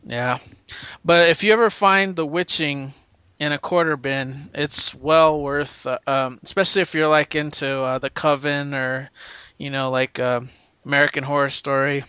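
A man chats with enthusiasm, tripping over restarts and breaking into laughter as he talks. His voice is bright and crisp, slightly higher than most men's, and sounds close and dry. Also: fairly even intonation, moderate pace, dry recording. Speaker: podcast co-host. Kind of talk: casual chat.

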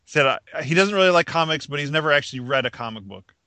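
A man with a bright, forceful voice talks in a loose, rambling way, restarting his sentences and chuckling at his own jokes. The sound is dry and close, with no room around it. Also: on the high side, lively intonation, fast talker, no room sound. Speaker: podcast co-host. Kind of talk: casual chat.

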